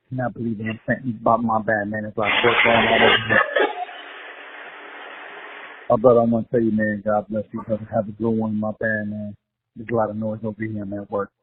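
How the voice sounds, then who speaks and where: A man's voice: lowish voice, completely flat delivery, fast talker. A man calling in from his workplace, emphatic and repetitive, who calls the host brother. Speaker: caller. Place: at work. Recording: phone line with faint noise.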